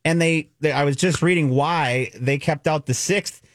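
A man's voice: on the high side, no room sound. Chatty male radio co-host, dry studio sound. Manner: chatty, retells movie plots with quick asides. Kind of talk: casual chat.

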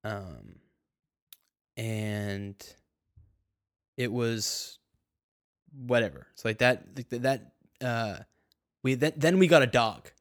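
A young man in casual conversation, telling a personal story in a halting way, full of fillers, restarts and swearing. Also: mid-range voice, no room sound, clean studio sound. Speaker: guest telling his story.

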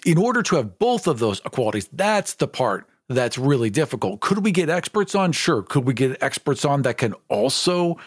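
A man's voice: medium pitch, very animated, moderate pace, hardly any pauses, no room sound. A man co-hosting a podcast, chatting casually with an easygoing, teasing manner. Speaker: podcast co-host and editor. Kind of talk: casual chat.

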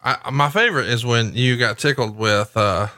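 Male host, playful needling, bright tone, dry close mic. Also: mid-range voice, moderate pace, no room sound. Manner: teasing, feeds questions, laughs along. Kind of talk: casual chat.

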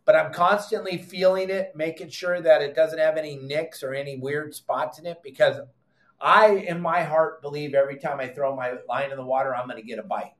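A middle-aged man hosting a fishing podcast, explaining technique in an emphatic, animated way, repeating his commands and adding exasperated asides. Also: a little high, a little fast. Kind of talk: animated how-to fishing talk. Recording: echoey room.

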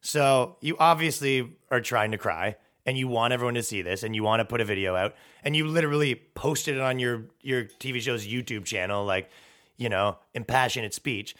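A man's voice: medium pitch, moderate pace, a bit bright. A man holds forth on his own podcast in a loose, rambling comedic rant, dropping curses and sarcasm as he goes. His voice sits in an ordinary middle register for a man. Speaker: podcast host. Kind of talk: comedic monologue.

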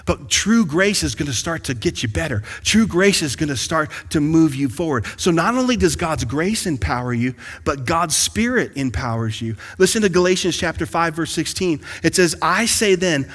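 A man preaching a sermon as pastor to his congregation, calling out to them and building to excited bursts. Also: fairly high pitch, normal speed, few pauses, husky. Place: large church sanctuary. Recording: long hall reverb.

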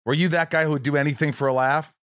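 A man hosting a casual interview, blunt and quick to swear. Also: fairly high pitch, steady tone, a bit bright, no echo, clean studio sound. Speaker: podcast host.

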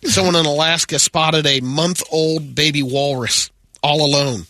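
A man reading news items on a morning radio show, steady with dry asides. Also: fairly high pitch, unhurried, a little hiss or hum. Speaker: radio news segment host.

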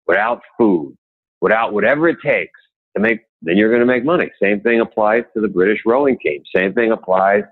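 A man telling motivational stories in a guest interview, acting out the people he quotes. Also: a little fast. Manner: animated, acts out quotes in raised pitch. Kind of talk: motivational storytelling. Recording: tinny phone-like line.

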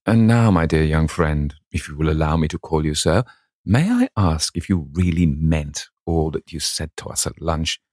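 A man reading the lines of a courteous, formal old gentleman in an audiobook of a classic novel, speaking slowly. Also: extremely low pitch, expressive, dry recording, clean studio sound.

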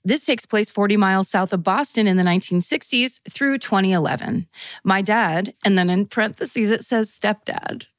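A woman co-hosting a podcast reads listener letters aloud in an easy, chatty way, breaking into laughter and playful asides. Her voice sits at an ordinary pitch for a woman. The sound is dry and close, with no room around it. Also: moderate pace, no echo. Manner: laughs often while reading, playful asides. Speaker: podcast co-host. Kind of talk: casual chat, reading listener letters aloud.

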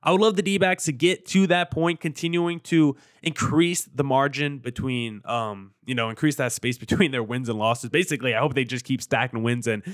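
A man's voice: medium pitch, moderate pace, hardly any pauses, no echo, clean studio sound. Chatty male sports podcast host. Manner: conversational, rambling, upbeat, self-deprecating. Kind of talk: solo sports podcast talk.

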